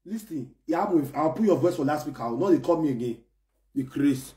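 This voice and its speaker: Excitable man ranting. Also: on the high side, brisk. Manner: excitable, scolding, repeats himself, bursts into shouts. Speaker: online personality ranting to fans. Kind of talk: animated pidgin rant.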